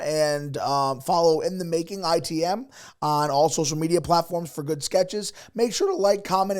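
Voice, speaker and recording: A man's voice: on the high side, darkish tone. A young man co-hosting a comedy podcast, reacting casually and reading the show's sign-off. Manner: short stunned reactions, swearing. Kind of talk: casual chat with reactions and show outro.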